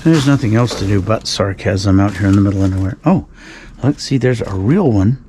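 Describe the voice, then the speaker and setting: A man's voice: fairly low pitch, animated, a little fast, dark tone. Dry sarcastic man rambling outdoors. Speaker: dumpster-diving vlogger. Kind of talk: casual night vlog narration. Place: outdoors at night by dumpsters. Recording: outdoor recording with clear background noise.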